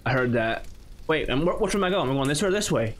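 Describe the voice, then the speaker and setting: A man's voice: fairly high pitch, lively intonation, very fast. A man on a YouTube channel giving nervous, chatty running commentary while playing a horror game. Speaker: YouTube gamer.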